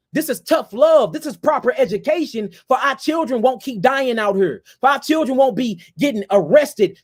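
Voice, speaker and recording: A man giving a fiery, impassioned lecture to his viewers, ranting and repeating himself and calling them family. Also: very high-pitched. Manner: addresses listeners as family and y'all. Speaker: host.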